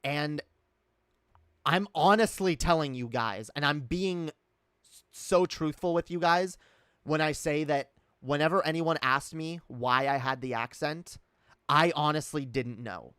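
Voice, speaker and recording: A man's voice: fairly high pitch, a little slow, a bit bright, clean tone, dry recording, clean studio sound. A man speaking with a put-on British accent in a casual live-stream chat, rambling candidly, reading chat and swearing often. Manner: reads and answers chat.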